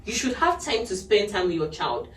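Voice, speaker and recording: A woman's voice: medium pitch, sing-song, normal speed. A woman hosting a podcast, giving earnest advice to parents in a casual chat and laughing often. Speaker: podcast host. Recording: echoey room, mic at a distance.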